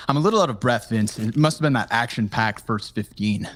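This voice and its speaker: A man's voice: mid-range voice, brisk, few pauses, a bit bright, soft background music. A man casting an esports match play-by-play, punchy and playful with wordplay. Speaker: esports caster. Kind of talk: play-by-play commentary.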